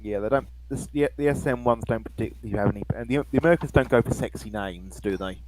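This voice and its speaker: A man in a casual game chat talks hesitantly, often circling back to restart his thoughts. His voice sits at an ordinary middle pitch. A clear hiss of noise runs under his noisy mic. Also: quick pace. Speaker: player.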